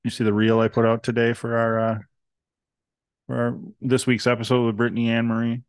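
A man co-hosting a casual podcast, joking and quick, laughing often. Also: medium pitch, monotone, clear, resonant tone, no echo. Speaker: podcast co-host. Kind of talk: casual banter.

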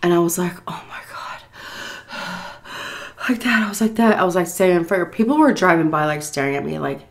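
A food vlogger recovering from the flu tells a story to the camera in a chatty, unscripted way, speaking directly to viewers. Her voice is a little low for a woman, her intonation lively, and she's breathless, often pausing to sigh and catch her breath.

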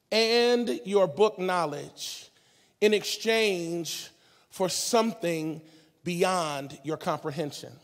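A man with a bright, high voice preaches live, lively and funny, jumping into the voices of the people in his stories with street slang. His words ring out with a long reverb through a large hall. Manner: animated storytelling, acting out characters in a street-slang voice. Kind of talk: energetic comedic sermon.

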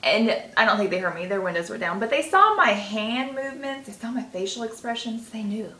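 Bright-voiced chatty woman, roomy echo. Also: on the high side, expressive, a little fast. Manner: chatty, rambling storyteller with many fillers. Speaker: self-help vlogger teaching EFT tapping. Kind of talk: casual talk to camera. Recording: roomy echo with faint noise.

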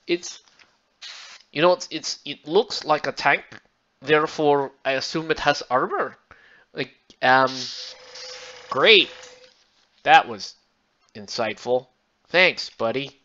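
A man's voice: on the high side, normal speed, bright, forceful tone, lo-fi sound. Self-amused man rambling while painting. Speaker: miniature painting channel host. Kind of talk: casual chat while painting.

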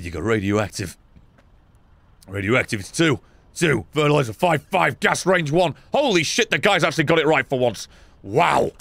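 Gravelly sarcastic gamer guy. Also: fairly high pitch, no echo. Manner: sarcastic, swearing, swings to loud outbursts. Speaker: gaming YouTuber. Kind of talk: let's play commentary.

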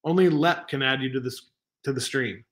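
Hosting a live stream from home as a fill-in, a man from Southern California rambles, makes self-mocking jokes, and reads the chat aloud. He speaks at a moderate pace with a medium-pitched voice.

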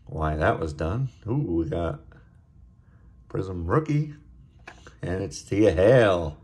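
A man hosting a casual card-opening video, chatting in a relaxed way and getting excited over good pulls. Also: deep voice, breathy edge. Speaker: card-opening channel host.

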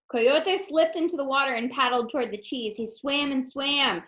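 A woman teacher reading a picture book aloud with an expressive, storytelling manner. Her voice sits a little high. She explains things plainly for young listeners. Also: normal speed, hardly any pauses, rough recording.

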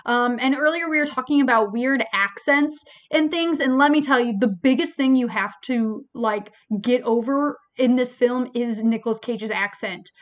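A woman librarian hosting a casual review chat, animated and full of fillers like "like" and "um". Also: on the high side, normal speed, hardly any pauses, lo-fi sound. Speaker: librarian podcast host.

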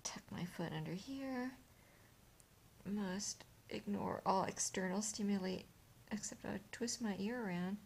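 A woman voicing a drowsy, lazy house cat in a soft, sleepy whisper. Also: mid-range voice, a little slow, slight background noise, natural voice.

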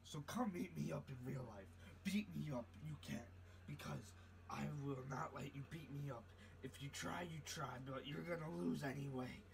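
A man's voice: fairly high pitch, moderate pace, creaky, background noise. A man voicing a cocky male turtle gamer who brags and trash-talks nonstop, in a puppet comedy skit. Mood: taunting. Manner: bragging, trash-talking.

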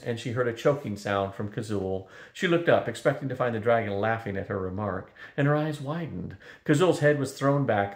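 An older man reading a fantasy novel aloud, steady and unhurried. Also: lowish voice. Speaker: storyteller. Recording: roomy echo.

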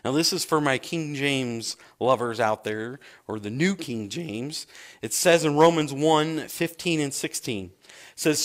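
This man speaks at a medium pitch and a slightly slow pace. He's a pastor preaching, bringing his sermon stories to life by performing each character's voice with animated flair.

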